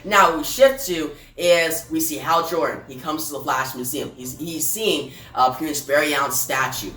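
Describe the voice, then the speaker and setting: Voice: medium pitch, expressive, moderate pace, hardly any pauses, a bit bright. A narrator casually retelling a comic book issue, reading each character's lines aloud with lots of fillers and restarts. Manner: reads dialogue aloud with frequent "he says"; loose, filler-heavy phrasing with restarts. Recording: roomy, distant mic with faint music.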